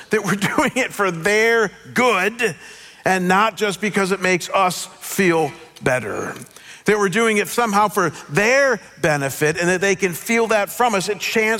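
Animated man preaching in a reverberant hall. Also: high voice. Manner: animated, conversational, self-deprecating with stammered restarts. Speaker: pastor. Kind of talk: sermon. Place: church sanctuary.

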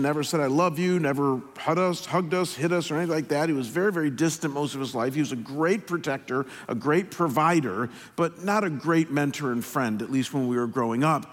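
A middle-aged male pastor telling a personal story in a sermon, slow and earnest, often pausing. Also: on the high side. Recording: long hall reverb.

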